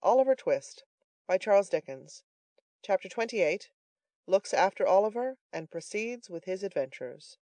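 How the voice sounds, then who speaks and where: A man's voice: sits high, big pitch swings, moderate pace, dark tone, dry recording. Man narrating a classic audiobook. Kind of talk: scripted narration.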